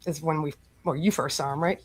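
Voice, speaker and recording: A woman's voice: low voice, fairly even intonation, brisk, slightly rough. A woman co-hosting a casual online panel chat, laughing often as she talks. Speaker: co-host.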